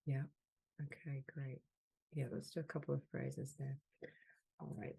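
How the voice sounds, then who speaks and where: A woman with a low, warm voice leads a guided healing session over a video call. She speaks in slow, soothing phrases and repeats each one gently. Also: creaky. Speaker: soul mentor leading a group call.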